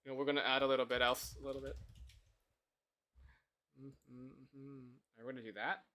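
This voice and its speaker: A live streamer greeting viewers and thanking them, humming and mumbling quietly between remarks while coding at a desk mic. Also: medium pitch, level tone, rapid-fire. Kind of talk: casual chat while coding.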